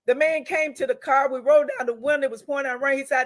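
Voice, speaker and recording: A woman's voice: high-pitched, steady tone, fast, few pauses. A woman hosting an inspirational broadcast in a preaching style, emphatic and repetitive, calling out to her listeners. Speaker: host and prayer leader.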